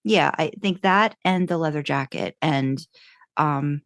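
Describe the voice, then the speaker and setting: On a fan podcast, a female co-host rambles casually through her thoughts in an upbeat way, restarting as she goes. Her voice is low, gravelly, and unhurried. No room sound can be heard.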